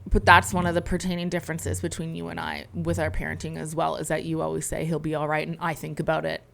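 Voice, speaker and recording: A woman in her thirties with a notably low voice talks candidly on a podcast. She tells her story in a rambling, emotional way, often pausing to restart her thoughts. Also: completely flat delivery, gravelly, fairly bright tone. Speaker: podcast co-host. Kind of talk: candid conversation.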